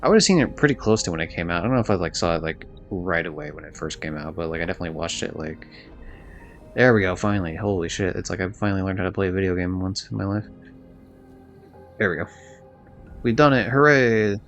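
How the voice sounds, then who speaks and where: A man's voice: sits low, fast talker, long pauses, soft background music. A man streaming a video game live, chatting loosely and rambling, swearing now and then. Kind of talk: casual live-stream chat while gaming.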